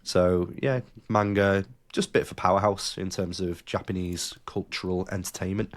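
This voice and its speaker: A man's voice: sits low, level tone, moderate pace. A man hosting a casual podcast, joking around and reading news stories aloud with his own asides. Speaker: podcast host. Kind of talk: casual chat.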